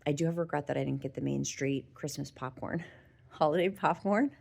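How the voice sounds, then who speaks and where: A woman's voice: deep voice, moderate pace, vocal fry, a little mellow. A middle-aged woman vlogger talking casually and candidly to her viewers, chatty and emotional. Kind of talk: casual talk to camera.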